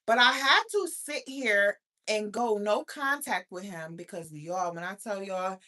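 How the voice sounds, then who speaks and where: Woman on a livestream, blunt and swearing a lot, bright sharp voice, chatting straight at her viewers. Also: mid-range voice, a little slow. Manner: blunt, profane and animated, talking back to viewers. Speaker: livestream host. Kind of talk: casual live-stream chat.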